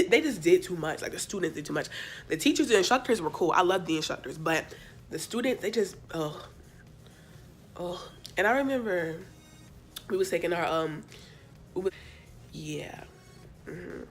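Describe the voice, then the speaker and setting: A young woman casually telling a storytime, chatty and animated, with sassy asides to her viewers. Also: fairly low pitch. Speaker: vlogger. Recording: faint background music.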